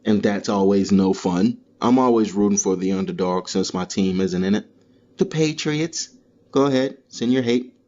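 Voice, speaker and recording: A man's voice: deep voice, moderate pace, hardly any pauses, dull audio, slight background noise. A man hosting a podcast, delivering a casual comedic monologue that rambles, swears freely and tells stories with energy. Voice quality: profane, rambling, animated storytelling. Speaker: podcast host.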